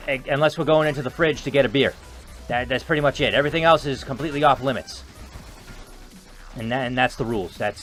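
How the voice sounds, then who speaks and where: A man giving rambling, joking gameplay commentary, excitable and chatty. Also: medium pitch. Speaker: gaming video host.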